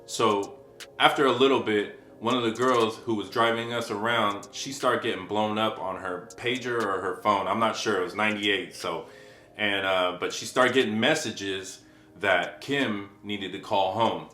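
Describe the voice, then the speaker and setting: A man recounts his own past in a relaxed, slangy way, swearing freely and pausing to reflect. His voice sits fairly low yet comes across bright and forceful. The room gives it a noticeable echo, and a faint guitar plays underneath. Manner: unhurried, slangy, profane, reflective. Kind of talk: casual personal storytelling. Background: faint guitar music.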